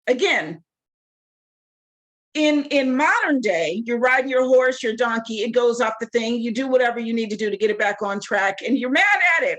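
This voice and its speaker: Woman, Bible study leader, animated, higher voice, casual teaching, rhetorical questions. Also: moderate pace. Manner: animated, talks straight to the group with rhetorical questions.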